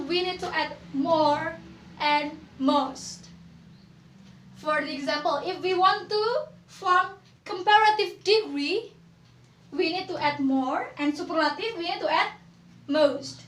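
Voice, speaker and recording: A young woman teaching English grammar to a class, asking questions and repeating words slowly. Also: extremely high pitch, a bit bright, reverberant, a little hiss or hum. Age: young adult.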